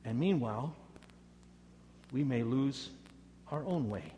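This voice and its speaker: A man preaching a sermon, swinging dramatically between loud emphasis and hushed words. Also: mid-range voice, lively intonation, slow pace, slight background noise. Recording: echoey hall reverb.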